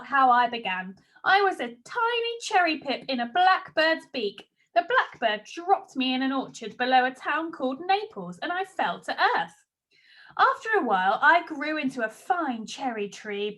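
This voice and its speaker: A woman's voice: sits high, a bit bright. A woman reading a storybook aloud, narrating expressively in the first person.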